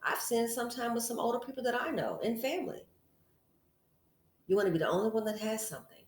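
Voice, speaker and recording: A woman's voice: on the high side, animated, fast. A woman hosting a casual commentary vlog, talking frankly and chattily straight to her female viewers. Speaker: channel host. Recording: echoey room.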